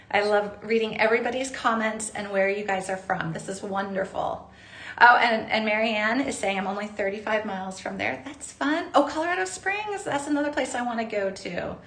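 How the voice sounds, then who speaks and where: A middle-aged woman from Southern California hosts a live-streamed jewelry-making class, chatty and upbeat as she greets viewers by name. Her voice is medium-pitched with a fairly bright tone, and the recording has a roomy echo.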